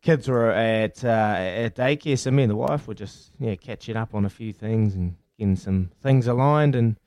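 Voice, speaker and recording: A man's voice: on the low side, normal speed, a little mellow, no room sound. A man in his thirties with a New Zealand accent co-hosting a radio sports show, chatting in a friendly, matey way. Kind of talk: casual radio sports chat.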